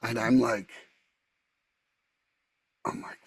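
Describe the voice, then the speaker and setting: A man tells a personal story on a recovery podcast, getting more and more animated and awed as it goes. His voice sits low and has a husky grain. He uses casual fillers throughout. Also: moderate pace, no room sound. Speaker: podcast co-host.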